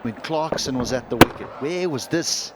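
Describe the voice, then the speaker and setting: A man's voice: mid-range voice, animated, normal speed, heavy background noise. A man giving cricket analysis in a reflective, questioning way. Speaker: cricket commentator and pundit. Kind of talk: live sports commentary.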